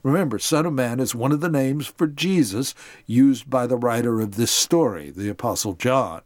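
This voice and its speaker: A man's voice: medium pitch, moderate pace, a little mellow, no room sound, studio quality. A man hosting a podcast, narrating a Bible story and explaining it to his listeners. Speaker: podcast host.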